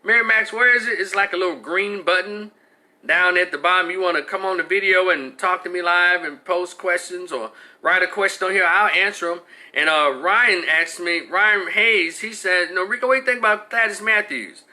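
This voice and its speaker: A man hosts a live stream, talking straight to his viewers in a loose, ranting way. His voice is bright and sharp and sits a little high. He restarts his sentences often as he talks. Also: moderate pace. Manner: animated, ranting, frequent restarts. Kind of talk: casual commentary to live chat.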